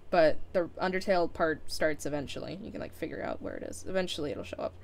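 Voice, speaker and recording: A woman's voice: deep voice, a little fast, creaky. A young woman chatting casually as a live streamer winding down her stream, rambling with lots of fillers and frequent laughs.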